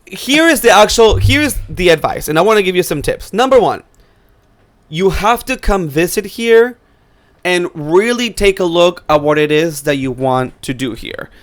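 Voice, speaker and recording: A man co-hosting a podcast in casual chat, talking fast and loose with lots of "like" and swearing as he gives advice. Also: high-pitched, animated. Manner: chatty, profane, giving advice with lots of "like". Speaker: podcast co-host. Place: New York City.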